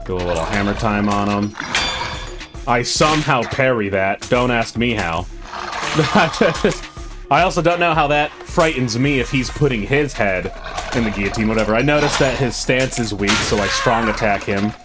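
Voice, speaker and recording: A man's voice: medium pitch, lively intonation, normal speed, loud music behind the voice. A man recording a voice-over commentary of his own gameplay, wry, sarcastic and self-mocking. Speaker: gaming channel host.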